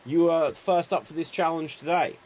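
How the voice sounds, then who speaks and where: A man's voice: a little high, fairly even intonation, moderate pace, a little mellow. A man hosting an improv game, upbeat and encouraging as he announces players. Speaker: improv show host.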